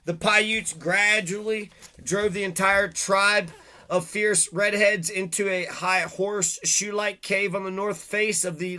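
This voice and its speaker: A man with a high voice reads local history aloud and trips over words. He then breaks into profane, ranting commentary with a bright, sharp edge. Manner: profane, stumbles over words while reading. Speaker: video host.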